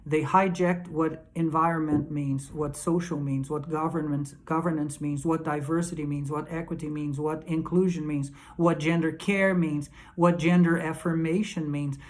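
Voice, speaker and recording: An earnest man recounting a conference panel he sat in on, in a casual spoken recap. He talks emphatically, stumbling into restarts and repeating words as he pushes his points. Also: a little high.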